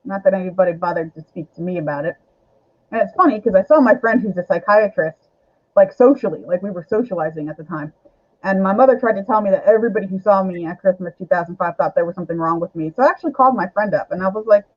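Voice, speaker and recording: A woman's voice: medium pitch, fast talker, dull audio. A middle-aged woman telling a candid personal story as a guest on a talk show, rambling, with many fillers.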